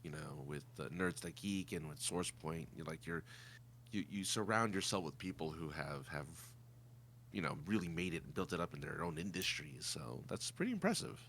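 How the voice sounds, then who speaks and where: A man's voice: very deep voice, expressive, moderate pace, fairly bright tone, slight background noise. A man co-hosting a podcast, chiming in with short wry remarks. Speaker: podcast co-host. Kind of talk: casual podcast chat.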